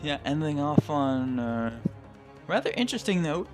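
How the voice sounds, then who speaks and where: A man's voice: on the high side, very animated, moderate pace, soft background music. A man hosting a game playthrough, narrating the story and commenting casually, swearing and self-deprecating. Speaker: let's play host.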